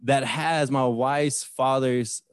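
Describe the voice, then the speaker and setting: A man's voice: mid-range voice, slow, clear, resonant tone, dry recording, clean studio sound. A man in his thirties, a podcast host, telling a story in casual chat and acting out the voices of the people in it. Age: 30s. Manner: animated retelling with voiced quotes.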